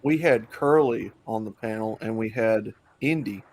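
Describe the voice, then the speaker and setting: A man's voice: fairly low pitch, measured pace, a little mellow, a little hiss or hum. A man hosting an online talk stream, chatting casually in a loose, rambling way with many fillers. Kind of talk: casual chat.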